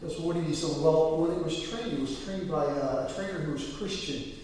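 A male pastor preaching a sermon in a church, storytelling with swings to loud excited peaks. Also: fairly high pitch, moderate pace, recorded from a distance, slight background noise. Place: church sanctuary. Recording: echoey hall, mic from afar.

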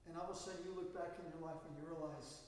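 Male pastor, slightly high voice, emphatic sermon delivery; distant mic in a reverberant sanctuary. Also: fairly even intonation, darkish tone, a little hiss or hum. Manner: emphatic, draws out key words slowly. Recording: echoey hall, mic at a distance.

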